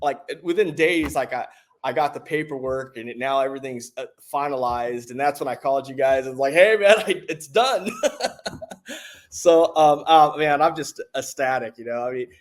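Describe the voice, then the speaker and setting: A man, a military veteran, giving a casual spoken testimonial, halting with many restarts and fillers, his voice jumping up excitedly when he retells what was said. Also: medium pitch. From United States.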